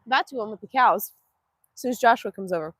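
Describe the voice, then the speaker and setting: A woman's voice: on the high side, fast, fairly bright tone, dry recording. A woman from Northeast Texas, hosting a casual livestream from an outdoor cow pen. She chats affectionately, answers viewer comments and coos to the animals in a sing-song baby voice. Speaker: livestream host.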